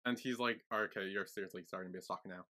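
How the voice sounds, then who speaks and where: A man's voice: low-pitched, fairly even intonation, rapid-fire, sharp tone. A man co-hosting a podcast recap in casual chat, retelling scenes and quoting characters. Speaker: podcast co-host.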